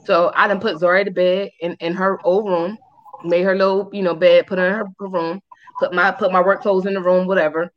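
A woman's voice: a little fast, muffled recording. A woman co-hosting a podcast, telling a story in casual, profane chat and acting out what people said. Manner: animated, profane, acts out quotes in high squeals. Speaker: podcast co-host.

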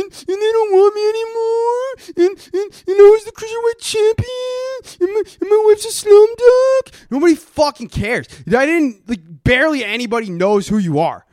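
Comedic male podcast host in character, profane aggressive rant, a little high-pitched, dead-dry sound. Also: no echo.

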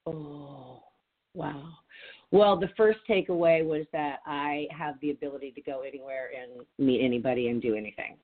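A woman's voice: low voice, normal speed. A middle-aged woman hosting a podcast, telling a story in a rambling, chatty way with lots of "like". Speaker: podcast host. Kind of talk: casual chat. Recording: tinny phone-like sound.

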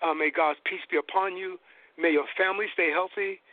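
A man with a high, ringing voice lectures with preacher-like fervor, climbing to emphatic peaks. The sound is dry and close. It comes through a thin, tinny phone-line connection. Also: steady tone, a little fast, no echo. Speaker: guest lecturer. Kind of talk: impassioned lecture.

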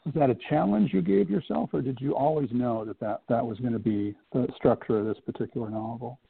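Male interview host, measured and courteous, slight rasp; dry narrow phone sound. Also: medium pitch, no room sound. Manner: measured, careful questions with "uh" fillers. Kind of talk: radio interview.

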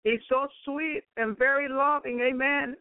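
A woman gives a fervent sermon-style testimony at a slow, unhurried pace. Her voice sits high but stays fairly flat in melody. The sound is narrow and tinny like a phone line. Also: no echo. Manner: fervent, peppered with praise exclamations. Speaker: preacher. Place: home in Chicago.

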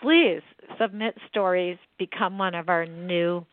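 A woman's voice: lowish voice, a little slow, no room sound. A middle-aged woman, a book editor, telling family stories with laughs in a casual interview. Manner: chatty, laughing storyteller. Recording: tinny dry phone line.

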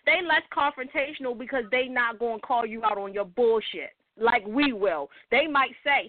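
A woman hosting a casual radio talk show, blunt and profane, telling lively stories. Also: a little high, moderate pace, hardly any pauses, no echo. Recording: dry, tinny phone-like sound.

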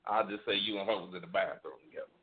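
A man's voice: low voice, rapid-fire, slight background noise. A man on a radio show telling a story in casual chat, rambling and profane, with many restarts. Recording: tinny phone-like sound.

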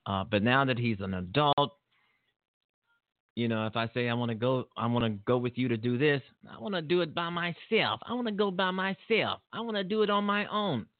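A man's voice: medium pitch, no echo. A middle-aged man hosting a casual talk show, rambling and repeating himself as he talks about his son. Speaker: show host. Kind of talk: casual monologue. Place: home studio. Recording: tinny phone-like line.

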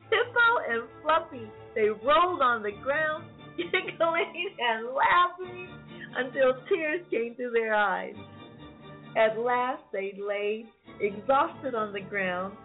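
A woman reading a bedtime story to children, slow and expressive, often laughing. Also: fairly high pitch. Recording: phone-like lo-fi sound, faint music.

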